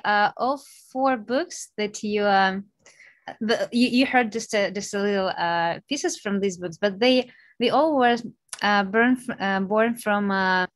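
A woman with a Ukrainian accent hosts a writing workshop, speaking haltingly with many fillers. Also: mid-range voice, no echo. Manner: hesitant, many fillers and restarts. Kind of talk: casual remarks to an audience.

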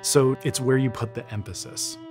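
A man's voice: mid-range voice, steady tone, normal speed, music in the background. Man lecturing emphatically in an interview. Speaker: interviewed expert. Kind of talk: documentary interview.

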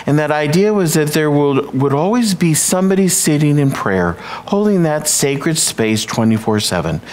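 A man leading a church service, praying in a slow affirming cadence and then joking playfully with the congregation in a sanctuary. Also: a little high, expressive, darkish tone. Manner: playful, hamming up corny jokes. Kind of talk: prayer and sermon.

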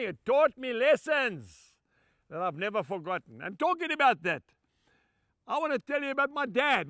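A man's voice: extremely high pitch, pushed and bright, dry recording, clean studio sound. An older man from Zimbabwe, preaching a sermon through emphatic, heartfelt storytelling.

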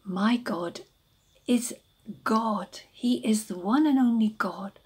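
A woman voicing a faithful young man in a children's Bible story, answering calmly and reassuringly. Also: fairly high pitch, takes it slowly, husky, exaggerated voice. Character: calm faithful young man speaking from a den.

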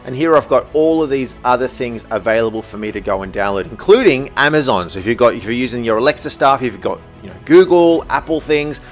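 A man with an Australian accent, an enthusiastic tech YouTuber walking through a product review in an upbeat, animated way. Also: medium pitch.

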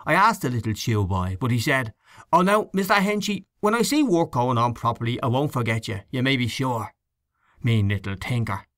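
A man's voice: mid-range voice, expressive, normal speed, a bit bright, no room sound, studio quality, lightly acted. A man reading an audiobook, voicing a grumbling, gossipy male election canvasser with a scornful manner. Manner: scornful, complaining.

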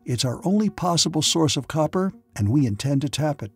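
A man narrator voicing a calm, firm young man who takes command, in an audiobook. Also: fairly high pitch, brisk, husky, soft background music, voice pushed up.

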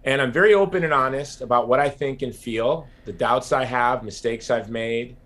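A man's voice: mid-range voice, moderate pace, a bit bright. Male interview guest, mid-range voice, talks freely and rambles, restarts often. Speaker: podcast guest, nonprofit founder. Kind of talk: casual interview talk.

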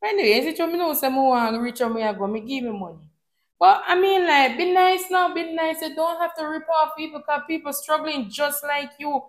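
A Jamaican woman telling a vacation story in a casual vlog, switching between patois and English with an animated delivery. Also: sits high, a little fast, echoey room. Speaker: vlogger.

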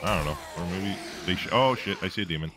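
A man's voice: deep voice, expressive, fast talker, music in the background. A man commentating his own gameplay, reacting, joking and swearing as he fights. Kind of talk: let's-play commentary.

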